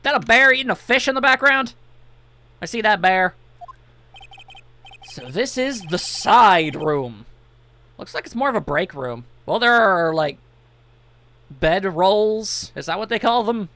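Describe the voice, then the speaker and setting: A man riffing through a video game with jokey, casual commentary, reading lines aloud as he goes. His voice swings around lively and sounds bright and forceful. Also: sits high, measured pace, long pauses, no room sound. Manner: jokey, reads on-screen text aloud. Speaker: let's play commentator.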